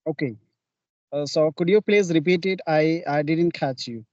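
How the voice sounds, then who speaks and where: A man hosting an interview, speaking haltingly with many filler pauses and restarts. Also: a little high, darkish tone, no room sound. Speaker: host interviewer. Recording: dull, dry, lo-fi.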